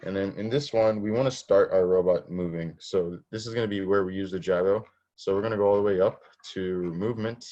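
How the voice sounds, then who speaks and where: Low-voiced man teaching robot coding. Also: darkish tone, muffled recording. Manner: explains step by step, asks questions, restarts often. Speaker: robotics instructor. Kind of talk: online coding lesson.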